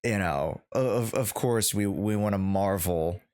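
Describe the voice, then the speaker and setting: Low-voiced man chatting, halting and hesitant. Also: a little mellow, clean tone. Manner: hesitant, many restarts and fillers. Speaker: podcast host. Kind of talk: casual podcast chat. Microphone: headset.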